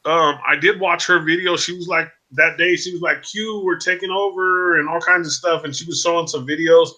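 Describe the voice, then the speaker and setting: A man in his forties, a guest in a casual chat over a video call, talking in an animated way and often asking "you know what I mean?". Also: fairly high pitch, brisk.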